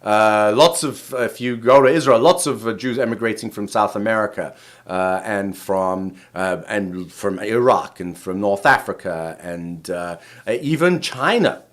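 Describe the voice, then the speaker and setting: A man's voice: lowish voice, a little slow. A middle-aged man, a rabbi from England, giving a casual spoken lesson in a rambling way, full of restarts and tag questions. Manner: rambling, many restarts, keeps asking "right?". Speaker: rabbi and show host.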